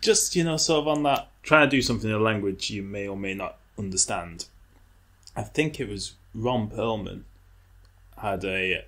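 Podcast cohost guy, lower voice, easygoing, acts out the quotes in his stories. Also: normal speed. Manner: relaxed storyteller, acts out quotes. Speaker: podcast co-host. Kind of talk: casual chat.

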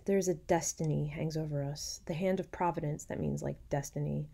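A young woman lecturer reading a classic novel aloud, stopping to paraphrase the lines in casual, slangy asides and whispering quick side remarks. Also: deep voice, fairly even intonation, creaky, warm tone, husky. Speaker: literature lecturer.

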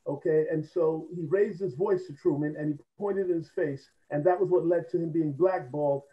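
A man's voice: fairly high pitch, normal speed, lo-fi sound. A man on a panel, telling history with growing passion. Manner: impassioned storytelling. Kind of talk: panel discussion.

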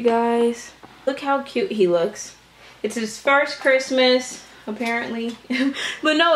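Chatty, breathless young woman vlogger. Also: sits high. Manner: rambling, chatty. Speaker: doll-collecting vlogger. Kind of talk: casual vlog chat. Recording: echoey room.

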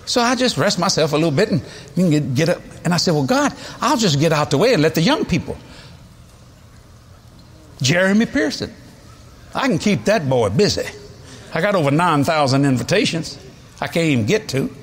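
A man's voice: fairly high pitch, big pitch swings, moderate pace, pauses often, slightly rough. A man, preaching a sermon in a folksy, storytelling way with chuckles. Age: 70s. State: has a cold.

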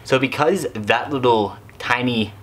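A man's voice: mid-range voice, a little slow, fairly bright tone. A young man reviewing a cosplay mask on camera, chatty and rambling with lots of fillers. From Canada. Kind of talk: casual product review.

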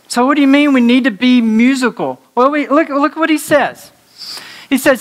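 A male pastor preaching a conversational sermon to his congregation, animated and joking, laughing at his own slips of the tongue. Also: very high voice, moderate pace. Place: church sanctuary before a congregation.

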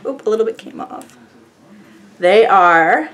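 A woman's voice: medium pitch, expressive, unhurried. A woman vlogger chatting casually to the camera, gushing and effusive as she rambles on. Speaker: beauty vlogger opening fan mail.

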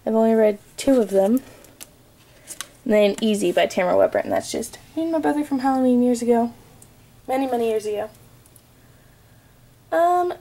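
A woman's voice: high-pitched, mellow. A young woman vlogger chatting casually as she reads off book titles and authors. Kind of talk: casual bookshelf tour vlog.

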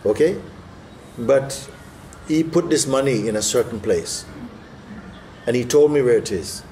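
A man's voice: medium pitch, measured pace, mellow, slight background noise, natural voice. A man doing a loyal, reassuring old friend. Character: loyal man returning home to a friend's widow.

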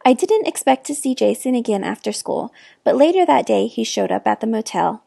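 A woman reading a children's novel aloud with expressive, clear narration. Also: fairly high pitch, brisk, no room sound, clean studio sound. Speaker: reader. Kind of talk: storybook read-aloud.

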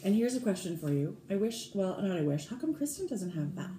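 A woman's voice: mid-range voice, big pitch swings, a little fast, warm tone, slight background noise. A middle-aged woman co-hosting a casual podcast, chatty and gushing, often trailing off mid-sentence. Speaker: podcast co-host. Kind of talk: casual chat. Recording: roomy room echo.

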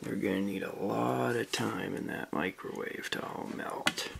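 A man's voice: fairly low pitch, fairly even intonation, unhurried, gravelly. A man hosts a homemade kitchen science show in a playful, self-mocking tone, taking his time between sentences. There is a faint hum of room noise behind him. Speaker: host of a microwave experiment show. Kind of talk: casual kitchen experiment vlog.

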